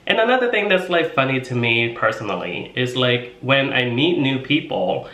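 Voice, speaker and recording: A man's voice: mid-range voice, very animated, normal speed, pushed and bright. A man in his twenties from Vietnam, talking casually and playfully to the camera as a vlogger, full of filler words. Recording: roomy echo.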